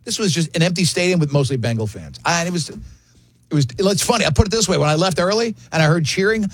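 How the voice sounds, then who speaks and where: A man's voice: a little high, animated, fast, slightly rough, dry recording. A man hosting a morning radio show, joking around in casual banter. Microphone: studio mic.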